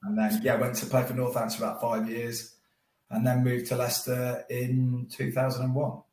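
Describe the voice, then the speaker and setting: A man's voice: medium pitch, normal speed. A man, a guest telling stories in casual chat with frequent laughs. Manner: animated storytelling with frequent laughs. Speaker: guest, former professional cricketer. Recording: roomy echo.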